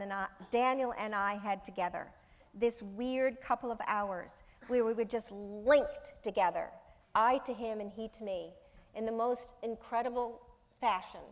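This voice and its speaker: A woman, an actress, telling a lively anecdote in conversation, laughing often and repeating words as she talks. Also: on the high side. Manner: animated, laughing storyteller who repeats words.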